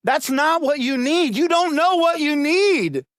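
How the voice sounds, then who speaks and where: A middle-aged male pastor preaching a sermon in a punchy, conversational way, full of rhetorical questions and quick asides. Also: extremely high pitch, lively intonation, fairly bright tone, no echo, clean studio sound. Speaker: lead pastor.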